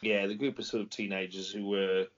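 With a lowish, level voice and a brisk pace, this podcast co-host chats casually, wandering off topic and groping for the right words. The sound quality is dull and lo-fi.

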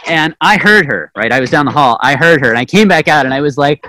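A man teaching a Bible lesson through a personal story, animated and self-mocking with plenty of fillers. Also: fairly high pitch, fast, few pauses, a little hiss or hum, rough recording. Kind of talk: storytelling sermon.

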